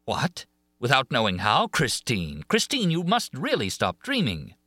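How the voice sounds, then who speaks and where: A man's voice: low voice, sing-song, brisk, a bit bright, no room sound, studio quality. A man reading an audiobook of a classic novel, voicing an anxious young man who sounds urgent and disbelieving. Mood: incredulous.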